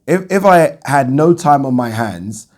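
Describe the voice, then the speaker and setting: A man's voice: mid-range voice, animated, measured pace, darkish tone. A man hosting a boxing channel, giving blunt, opinionated casual commentary and swearing when annoyed.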